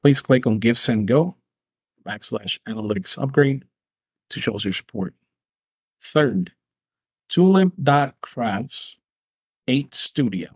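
A man in his thirties hosts a solo podcast in a loose, profane, rambling style, with a middle-pitched voice. The recording is close and dry, with no room sound. He keeps breaking into little acted-out scenes. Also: expressive, slow pace, long pauses, a little mellow, husky, dry recording. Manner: profane, rambling, acts out imagined dialogues. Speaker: podcast host. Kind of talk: casual solo commentary.

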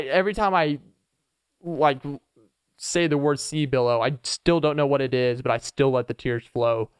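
A man hosting a casual solo podcast, rambling playfully and chuckling between thoughts. His voice is smooth and clear at a middle pitch. He is recorded close on the mic in a dry space with no echo. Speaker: podcast host.

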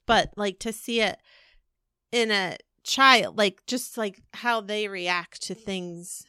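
A woman's voice: mid-range voice, slow pace, pushed and bright, smooth, dry recording, clean studio sound. A woman in her forties co-hosting a podcast, chatting casually and rambling with lots of fillers and restarts. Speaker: podcast co-host. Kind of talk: casual chat.

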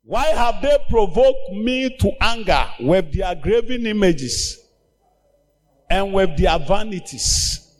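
Male pastor, high-pitched voice, slow deliberate delivery, emphatic sermon, shouted healing commands. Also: expressive, long reverb tail.

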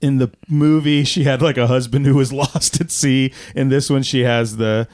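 A man co-hosting a podcast, chatting casually about a movie in a rambling, tangential, animated way. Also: mid-range voice, normal speed, dry recording, clean studio sound. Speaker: podcast co-host.

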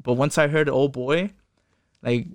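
With a medium-pitched voice and a measured pace, a young man tells a personal story in casual talk, captured in a dry, clean studio recording. His telling is profane and rambling, full of restarts, and he imitates others' voices when quoting them.

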